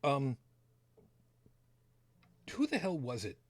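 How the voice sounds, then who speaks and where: A man hosting a casual podcast, talking bluntly and swearing freely. His pitch swings widely as he talks, and the sound is dry and close with no room echo. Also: wildly swooping pitch, slow. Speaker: podcast host. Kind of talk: casual chat.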